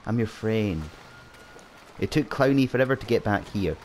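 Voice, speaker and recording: A man's voice: fairly low pitch, normal speed, a little mellow, slight background noise. A man hosting a gaming channel, giving casual gameplay commentary with dry, sarcastic muttering at a teammate.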